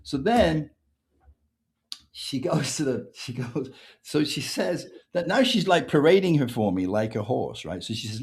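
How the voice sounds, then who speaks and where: This author guest, a man from England with an English accent, tells an animated story on a podcast and acts out the quoted lines. His voice is mid-range and creaky, and he speaks at a measured pace.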